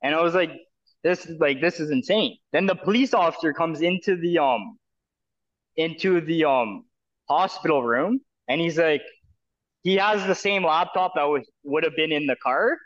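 A man's voice: on the high side, normal speed, a bit bright, highs cut off. A man from Canada telling a long personal story in a loose, rambling way, full of fillers and restarts, acting out what others said to him. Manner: rambling, many fillers and restarts, acts out quoted voices. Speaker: guest telling his story. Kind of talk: casual storytelling.

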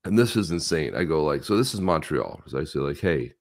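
A man's voice: a bass voice, animated, brisk. A man co-hosting a casual talk show, telling stories in a rambling way with many restarts. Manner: jumps between voices for quoted people. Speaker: co-host. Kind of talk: casual chat.

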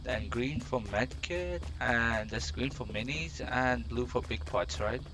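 A man's voice: mid-range voice, a little slow. A man streaming a game on a headset mic, chatting casually and teasing his teammate, saying "bro" all the time. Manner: slangy, teasing, says "bro" constantly. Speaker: streamer playing online. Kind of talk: casual gaming chat. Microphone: gaming headset. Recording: loud background noise.

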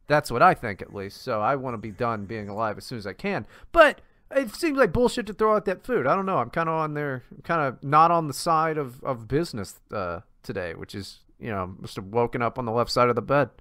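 A man's voice: medium pitch, animated, a little fast, few pauses, bright, forceful tone, dry recording, studio quality. A man co-hosting a podcast, ranting in a profane, exasperated casual chat with many restarts. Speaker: podcast co-host.

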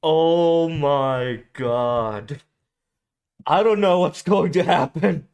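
A man hosting an anime reaction video, excitable, with gasps, drawn-out exclamations and stumbling restarts when agitated. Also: fairly high pitch, gravelly, clean tone. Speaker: anime reaction channel host.

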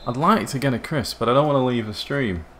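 A man's voice: medium pitch, fast, fairly bright tone, a little hiss or hum. A teenage boy streaming a football game, chatting and joking in a rambling way. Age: teens. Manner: chatty, jokey, rambling banter. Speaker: gaming streamer. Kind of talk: casual live-stream chat.

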